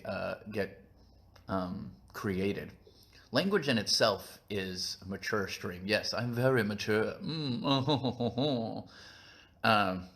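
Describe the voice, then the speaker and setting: Goofy, rambling man with a low voice. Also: fairly bright tone. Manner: goofy, rambling, self-mocking. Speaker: channel host. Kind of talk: casual live-stream chat. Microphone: phone.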